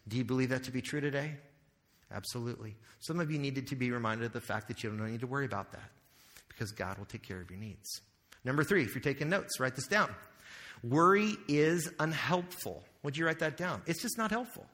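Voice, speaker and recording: A male pastor preaches a sermon conversationally, asking the audience questions and tossing in joking asides. His medium-pitched voice is animated, fairly quick and fairly bright. The recording carries a long hall reverb.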